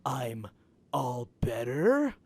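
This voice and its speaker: A man's voice: mid-range voice, sing-song, very slow, breathy edge, exaggerated voice. A man voicing a surly, defiant male hedgehog who growls his lines in a comic fan-fiction reading. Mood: sulky. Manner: snarling, hisses and growls.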